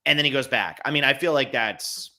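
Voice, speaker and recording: A man hosting a casual podcast in a mid-pitched voice with a bright, forward edge. He talks in a relaxed, conversational way and nods along with "mm-hmm"s. He mostly lets his guest talk. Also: fairly quick. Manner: conversational, relaxed, agreeable listener. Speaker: podcast host.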